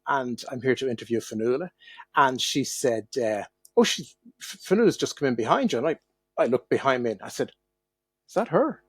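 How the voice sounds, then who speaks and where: A man's voice: mid-range voice, no room sound, studio quality. Irish man telling wry anecdotes. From Ireland. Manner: wry, self-deprecating anecdotes. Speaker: guest. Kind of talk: casual interview storytelling. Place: home, remote call.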